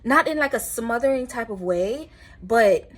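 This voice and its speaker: A woman doing a casual tarot reading, talking in a chatty, rambling way with animated asides. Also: on the high side, unhurried. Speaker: tarot reader.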